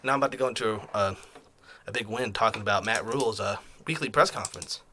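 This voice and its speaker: Quick, bright man, slightly out of breath. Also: lowish voice, a little hiss or hum. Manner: quick, blunt, swears casually. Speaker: podcast co-host. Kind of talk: casual sports chat.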